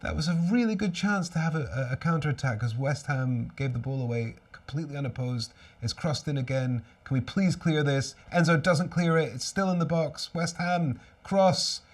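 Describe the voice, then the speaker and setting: A man's voice: a little high, moderate pace, few pauses, distant mic. A man hosting a live fan watchalong stream, commentating on the match with exasperated outbursts and resigned muttering.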